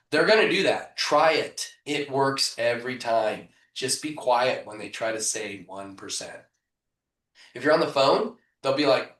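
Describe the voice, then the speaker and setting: A man coaching real estate agents in a live training, punchy and energetic, often asking rhetorical questions over a video call. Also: medium pitch, normal speed. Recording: echoey room, voice far from mic.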